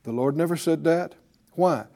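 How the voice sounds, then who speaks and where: A pastor with a fairly high, warm voice preaches a sermon at normal speed, building emphasis and drawing responses from his congregation in emphatic call-and-response style that rises in force.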